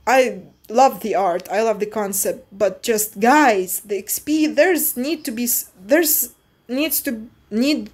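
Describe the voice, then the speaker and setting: A woman's voice: fairly high pitch, slow, darkish tone. Rambling woman game vlogger. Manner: rambling, often restarts and trips over words. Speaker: mobile game YouTuber. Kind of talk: casual vlog commentary.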